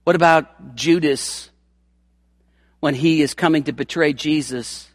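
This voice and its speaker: A man's voice: fairly high pitch, unhurried, no room sound, studio quality. A man preaching a sermon in an emphatic, folksy way, acting out the scripture quotes as he goes.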